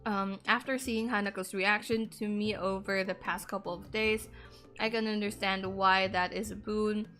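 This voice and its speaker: A woman's voice: mid-range voice, steady tone, normal speed, pushed and bright, faint music behind, close to an everyday voice. A woman voicing a reserved young male student who narrates a visual novel plainly and reflectively.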